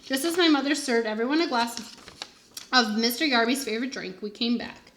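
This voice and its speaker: A woman teacher reads a children's chapter book aloud to her class. Her narration is expressive and animated, her voice somewhat high. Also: brisk, slight background noise. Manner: expressive first-person narration. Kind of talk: storybook read-aloud for children.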